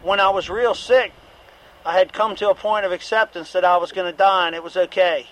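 A man's voice: high-pitched, fairly even intonation, a little fast, fairly bright tone, poor audio. A middle-aged man giving a candid, repetitive personal testimony at a recovery meeting, with occasional profanity.

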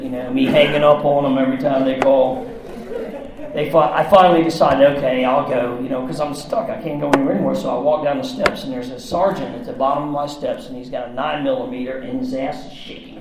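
A man telling a candid personal story in rough, profane, run-on bursts. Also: mid-range voice. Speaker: storyteller recounting his past. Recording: very echoey room.

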